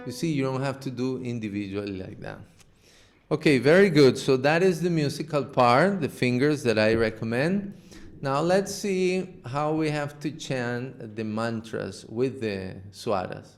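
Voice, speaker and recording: A man teaching an online class, slowly explaining how to chant and singing short demonstration phrases. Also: medium pitch. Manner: patient, slow instruction with sung demonstrations of a chant. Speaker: music teacher.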